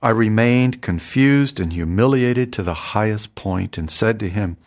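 Man, fairly low voice, earnest, measured devotional teaching, repeats phrases. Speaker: spiritual teacher. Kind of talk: reading and explaining a devotional text.

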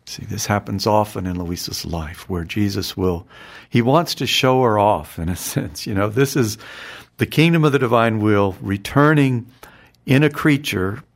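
A man reading a devotional text aloud and explaining it in an earnest, measured way, often repeating phrases. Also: fairly low pitch, creaky. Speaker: spiritual teacher.

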